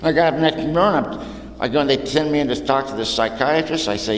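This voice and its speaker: A man from Southern California speaking at a recovery meeting podium, telling his story with humor, using casual slang, and dropping soft and low for painful parts. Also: fairly quick. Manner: casual southern-tinged slang, "ain't", "y'all". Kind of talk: personal testimony talk. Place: hall with audience at a podium. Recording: echoey hall, faint room noise.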